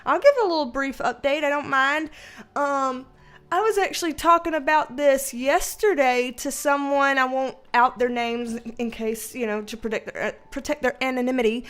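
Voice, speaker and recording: A woman's voice: high voice, normal speed, fairly bright tone. A woman hosting a casual livestream, greeting viewers by name and laughing often. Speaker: livestream host and tarot reader.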